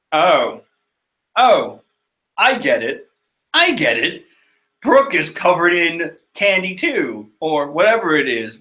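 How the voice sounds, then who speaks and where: A man giving casual, animated commentary on a manga chapter, exclaiming and joking in disbelief. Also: fairly high pitch. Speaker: manga reader and reviewer.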